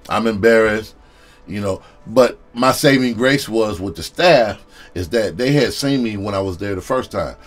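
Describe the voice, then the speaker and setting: A man with a very low voice tells a stand-up story in a loose, casual way. His talk is profane and full of laughter, with plenty of "you know what I'm saying". Faint music plays underneath. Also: moderate pace. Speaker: comedian.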